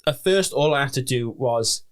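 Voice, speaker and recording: A man's voice: mid-range voice, expressive, moderate pace. A young man from Wales co-hosting a podcast, chatting casually, swearing freely and restarting his sentences often. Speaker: podcast co-host. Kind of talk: casual chat.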